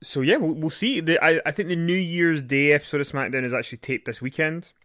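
A man's voice: fairly high pitch, a little fast, fairly bright tone, no room sound, clean studio sound. A man hosting a podcast, wry and hesitant, repeating words as he talks. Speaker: podcast host. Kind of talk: casual podcast chat and sign-off.

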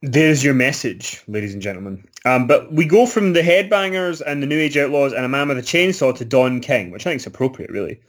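A man co-hosting a casual chat show, recapping in a relaxed way with fillers. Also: medium pitch, a little fast, hardly any pauses. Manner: relaxed, recaps with fillers and little acted quotes. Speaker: podcast co-host.

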